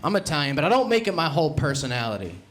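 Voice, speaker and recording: A young man from New Jersey with a Jersey accent, doing a brash, self-mocking stand-up set and punching out loud acted-out quotes. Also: fairly high pitch, big pitch swings, racing. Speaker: stand-up comedian. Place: comedy club stage. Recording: live room with audible crowd noise. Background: audience laughter.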